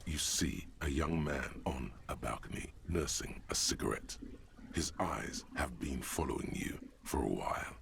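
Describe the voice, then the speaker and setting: A man voicing the narrator of a video game, delivering scripted descriptive narration in a measured, gravelly voice. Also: extremely low pitch, lively intonation, fairly bright tone, slight background noise, heavily acted.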